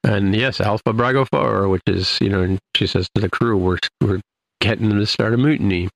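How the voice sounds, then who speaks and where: Gravelly low-voiced man recapping casually. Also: a little fast, poor audio. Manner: rambling, loosely retelling scenes. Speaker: podcast co-host. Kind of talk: casual episode recap chat.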